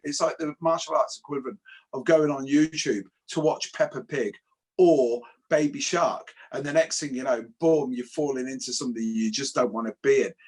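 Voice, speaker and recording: A man's voice: mid-range voice, slightly rough. An Englishman co-hosting a casual panel chat, wry and jokey, stammering when he restarts. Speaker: co-host.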